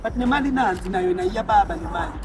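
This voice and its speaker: A man's voice: high voice, very animated, fast, noisy background. A young South African man hosting a street challenge, playful and teasing as he hypes up contestants outdoors. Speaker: host of a street challenge show. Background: music playing.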